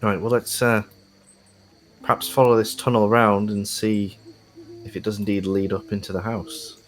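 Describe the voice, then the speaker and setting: A man playing a tabletop game, chatting quickly and jokingly in and out of character. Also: lowish voice, little pitch movement, a little hiss or hum. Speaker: player. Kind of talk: casual tabletop game play.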